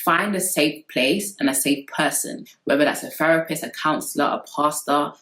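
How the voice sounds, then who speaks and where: A woman's voice: low-pitched, normal speed, a bit bright. A woman vlogger giving direct, sisterly relationship advice to her viewers, emphatic and candid. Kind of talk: candid talking-to-camera advice. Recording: echoey room.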